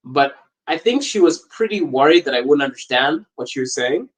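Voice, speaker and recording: A man hosting a podcast, chatting casually and telling lively anecdotes, laughing often as he talks. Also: fairly high pitch, normal speed, low-quality recording. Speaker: podcast host. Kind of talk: casual storytelling chat.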